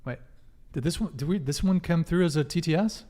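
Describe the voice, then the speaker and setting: Fairly quick and on the high side, with a dark tone, a male host runs a live dating talk stream. He casually reads viewer super chats and thanks the senders in a laid-back way.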